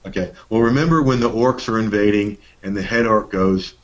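A middle-aged man co-hosts a workshop, teaching in a casual, folksy way with playful emphasis. His voice is on the low side and a little fast, and the audio sounds dull.

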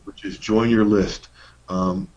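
In lo-fi sound, a middle-aged workshop co-host teaches casually, folksy and playfully emphatic. He takes it slowly, with a fairly low, steady and slightly mellow voice.

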